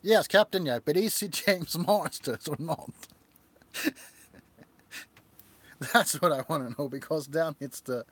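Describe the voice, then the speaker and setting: Slightly high and a bit bright, with a touch of roughness and no echo, his voice carries a laid-back livestream chat. The ASMR creator wanders between shows and his characters, laughing, his speech slow and halting.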